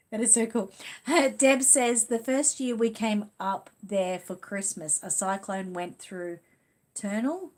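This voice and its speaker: An Australian woman hosts a relaxed live stream, chatting through her viewers' comments in a friendly, easygoing way. Her voice sits in a middle pitch, and she talks casually and reacts with small laughs as she goes. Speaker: channel host reading viewer comments.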